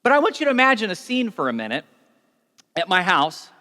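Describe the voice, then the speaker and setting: A young adult man preaching a sermon as pastor, telling stories in a conversational, animated way. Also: sits high, a little fast. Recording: long reverb of a large hall.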